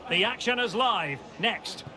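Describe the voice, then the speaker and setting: A male play-by-play commentator with a fairly high voice calls a football match for a video game. His calls stay measured and then climb into excited shouts. Loud crowd and game sound run under everything he says. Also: noisy background.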